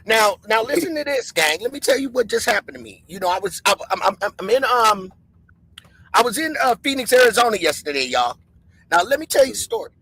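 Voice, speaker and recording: A man hosting a show, telling stories in an excitable, animated way and talking straight to his viewers. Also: high-pitched, brisk, breathy edge, rough recording. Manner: excitable, calls the audience "y'all" and "gang". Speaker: host.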